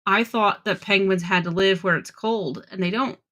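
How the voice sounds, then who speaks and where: A woman's voice: mid-range voice, fairly even intonation, moderate pace, a bit bright. A woman co-hosting a podcast in casual chat, telling stories in a gushing, giggly way. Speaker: podcast co-host.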